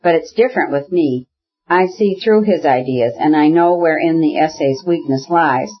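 A husky-voiced reader voicing a bitter, ailing radical brother who argues heatedly, in an audiobook. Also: medium pitch, normal speed, lo-fi sound, natural voice. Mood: agitated. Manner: heated, argumentative, bursts into shouting.

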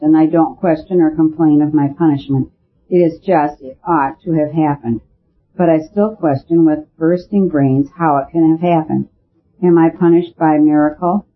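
A man's voice: a little high, natural voice. A man voicing a distraught young woman who speaks with anguished earnestness in a storybook reading. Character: distraught young woman confessing her guilt. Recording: narrow phone-like sound.

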